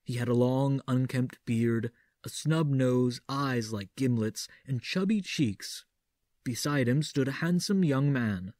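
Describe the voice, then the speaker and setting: Audiobook narrator: man, dark mellow voice, theatrical and measured, dry close mic. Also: mid-range voice, no room sound. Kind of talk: audiobook reading doing a Vincent Price impression.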